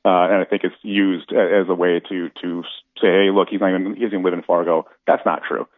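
A man from North Dakota, a city commission candidate, calling in to a radio interview and talking quickly with many restarts. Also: sits low, flat delivery, no room sound. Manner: rapid, halting restarts. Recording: tinny phone line, dry.

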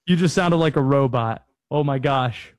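A man's voice: medium pitch, normal speed, no room sound. A man hosting a sports talk radio show, easygoing and curious, bantering and laughing easily with guests.

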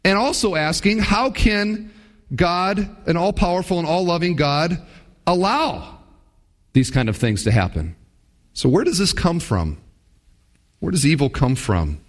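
A man's voice: fairly high pitch, lively intonation, a little slow, long pauses, long reverb tail. A man preaching a sermon as a pastor, talking animatedly and acting out the quoted voices.

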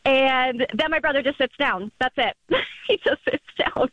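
A woman's voice: high-pitched, unhurried, dry recording. Young woman telling a story over the phone. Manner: animated, chatty, acts out quotes. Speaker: caller. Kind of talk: storytelling on a radio call-in. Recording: lo-fi phone line.

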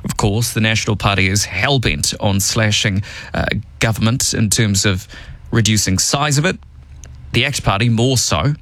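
A man's voice: fairly low pitch, moderate pace, no room sound. A man hosting a morning radio show, chatting wryly about politics and running through the news. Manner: chatty, wry, lively. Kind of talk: casual radio talk and news rundown. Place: radio studio.

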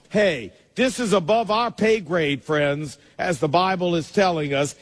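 A middle-aged man, a pastor, preaching a sermon emphatically, his pace speeding up and slowing down. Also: sits high. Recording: long reverb of a large hall.

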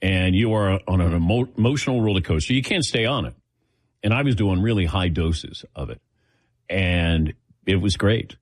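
With a low voice at a moderate pace, a middle-aged show host tells a casual personal story while taking audience questions. He acts out the voices of the people he quotes, and there's no room sound in the recording.

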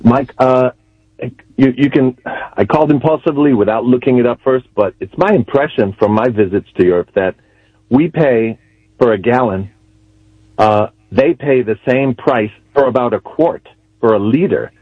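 A man's voice: medium pitch, moderate pace, slightly rough, dry recording. A man calling in to a radio show, speaking in a hesitant, casual way. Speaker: caller. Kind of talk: phone-in call. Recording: dull dry phone-in line.

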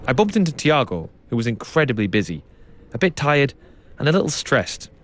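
A man presenting a radio documentary, narrating and describing what he sees in a calm, descriptive way. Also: medium pitch, fairly quick, noisy background. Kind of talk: documentary narration and on-site reporting.

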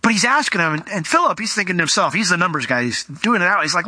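An animated male pastor preaches in a conversational style, slipping into acted quotes. His voice sits fairly high with a bright, cutting edge. The sound is dry and close. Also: fast, few pauses, no echo. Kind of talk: expository sermon.

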